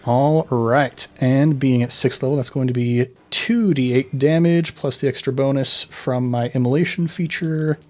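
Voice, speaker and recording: A man's voice: mid-range voice, fairly even intonation, normal speed, few pauses, a little mellow, soft background music. Methodical man playing a tabletop game. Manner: methodical, reads out rules. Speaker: player.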